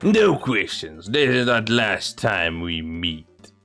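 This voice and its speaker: A man voicing a gruff, menacing male loan-shark boss from a game, with rough, slangy threats. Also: fairly low pitch, sing-song, slow pace, fairly bright tone, soft background music, voice pushed down, full character voice. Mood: threatening.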